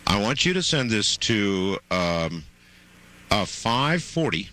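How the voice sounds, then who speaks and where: A man's voice: fairly low pitch, very animated, slow pace, sharp tone, slight background noise. A man hosting a late-night radio call-in show, talking insistently and cutting in with stammered repeats. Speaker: radio talk show host.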